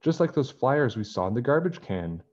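A man voicing an excitable young girl in a storybook read-aloud, with high breathless squeals. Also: normal speed, dull audio. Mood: excited. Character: excitable young girl, Nancy's friend Bess.

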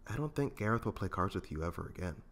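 A man's voice: lowish voice, expressive, fast, fairly bright tone. A man voicing a patient, dry-humored princess and diplomat in a fan audiobook reading.

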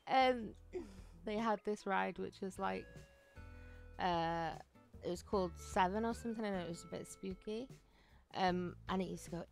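A woman chatting casually on a game live stream, excitable and giggly, with lots of likes and ums. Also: mid-range voice, a little slow, vocal fry, faint music behind. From United Kingdom.

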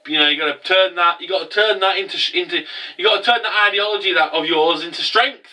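An earnest young man pleads with his friend in an urgent, hurried voice, as a man retells the scene. The tone stays bright and sharp. The mic sits a little far off. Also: high-pitched.

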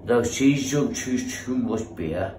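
A man's voice: medium pitch, animated, slow pace, a little mellow, echoey room, slight background noise. A drunk man, bantering with mates and throwing out boisterous, sweary mock threats, picked up on a phone camera. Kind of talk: casual banter among mates.

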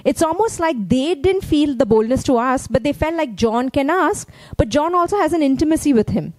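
High-voiced woman preaching a sermon. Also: animated, fairly quick, a little mellow, dry recording. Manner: conversational preaching, frequent "okay?" check-ins. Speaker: pastor.

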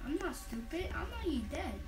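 A woman playing along in a game, making slow, teasing, mumbled remarks. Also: high-pitched, animated, soft background music. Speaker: co-player. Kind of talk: casual gameplay chat.

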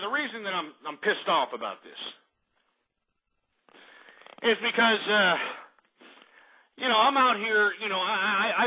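Ranting man, raspy and high-pitched. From Texas. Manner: profane, heated ranting. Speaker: radio show host. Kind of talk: talk radio rant. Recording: tinny phone-like internet radio.

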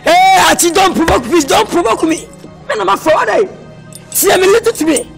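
A hot-tempered, high-voiced haggler. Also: male voice, fast talker, gravelly, over music. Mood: furious. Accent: Ghanaian. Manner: shouting, insistent, repeats himself. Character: hot-tempered man haggling over his car. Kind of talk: film drama acting.

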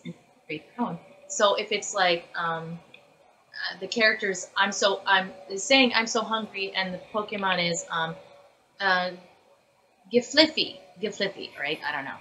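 A woman voice actress chatting casually as an interview guest, animated and full of fillers and restarts. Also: mid-range voice, measured pace, slight background noise, rough recording.

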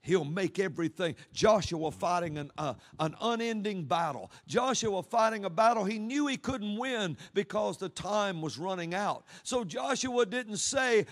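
A man preaching a sermon, swinging from loud cries down to low murmurs. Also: animated, a little slow, hardly any pauses.

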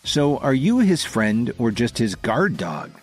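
A man's voice: medium pitch, very animated, a little slow, a little mellow, husky, soft background music, pitched above the performer's own voice. A male narrator voicing a fearless young husband who answers threats coldly and evenly in an audio story. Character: calm, fearless young husband, cold and defiant.

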